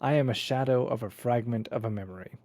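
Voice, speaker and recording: A man's voice: medium pitch, a little mellow, no room sound, clean studio sound, lightly acted. Weary gun spirit woman, voiced by a man. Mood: resigned. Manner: solemn, resigned, measured. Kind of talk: tabletop game role-play.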